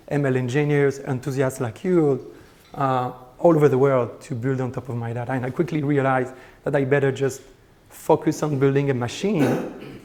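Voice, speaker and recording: A middle-aged man with a French accent, hoarse from a lost voice, giving an informal, conversational conference lecture as a guest speaker. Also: mid-range voice, darkish tone.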